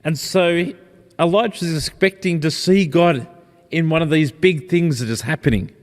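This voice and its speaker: A man preaching a sermon in a gentle, reflective, personal way. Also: a little high, moderate pace. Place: church. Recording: long church reverb.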